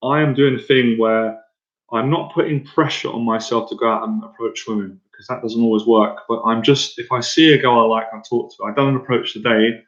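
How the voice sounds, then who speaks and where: A man's voice: mid-range voice, fairly quick. Chatty Irish man on a livestream. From Ireland. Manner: chatty and excitable, rambling with many fillers and restarts. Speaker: confidence coach hosting a livestream. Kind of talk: casual livestream talk to viewers. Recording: echoey room, dull lo-fi sound.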